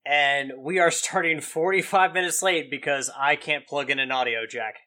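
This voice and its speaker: A man's voice: on the high side, fairly even intonation, moderate pace, bright, forceful tone. A man with a Kentucky twang co-hosting a gaming podcast, joking and needling his friends. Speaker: podcast co-host. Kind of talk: casual gaming podcast chat.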